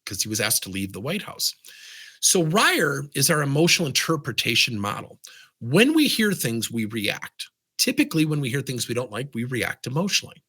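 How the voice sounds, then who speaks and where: Energetic male coach, lively swooping delivery, slightly husky tone. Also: medium pitch, moderate pace. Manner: animated, asks rhetorical questions. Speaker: business coach. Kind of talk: lively coaching talk to camera.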